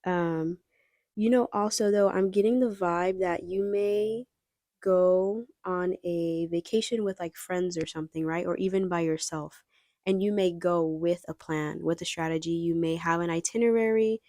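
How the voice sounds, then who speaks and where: A woman's voice: on the low side, steady tone, unhurried, warm tone, no echo, clean studio sound. A young woman giving a casual pick-a-card tarot reading, chatty and rambling as she talks straight to her viewers. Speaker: tarot reader.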